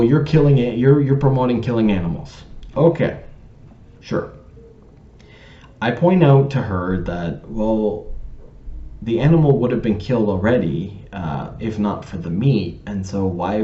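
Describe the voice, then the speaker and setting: Low, mellow man telling a story. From Canada. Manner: pedantic, digressive, with many ums and restarts. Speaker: vlogger telling a personal story. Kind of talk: casual storytelling to camera. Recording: roomy, slightly dull recording.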